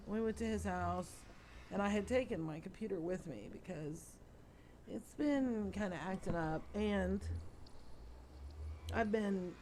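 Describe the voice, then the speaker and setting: A woman's voice: on the low side, slight background noise. A middle-aged woman hosting a let's play, tired and yawning as she rambles through chatty stories while she plays. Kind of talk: casual gameplay chat.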